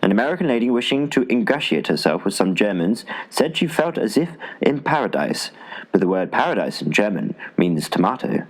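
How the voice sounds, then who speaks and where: A man reading a travel essay aloud as an audiobook narrator, in an expressive style with dry humor. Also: on the low side, brisk, rough recording. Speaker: audiobook reader. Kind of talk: scripted narration.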